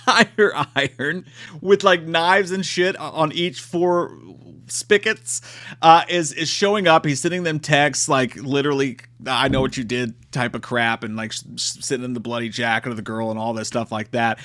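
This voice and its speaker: A man giving a comedic movie review in a profane, animated way, acting out quotes. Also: medium pitch.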